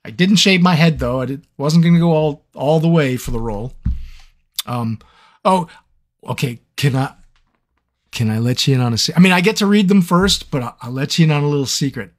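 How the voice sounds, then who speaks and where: A man with a fairly high, slightly quick voice narrates audiobooks and is hosting a live Q&A stream for fans. He chats playfully and tells stories in an animated, lively way.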